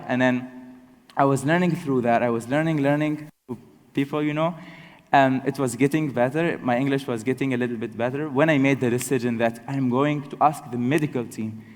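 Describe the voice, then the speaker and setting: Young man, storytelling talk, halting self-corrections, wry humor; long reverb of a large hall. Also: medium pitch. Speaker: speaker telling his story to an audience.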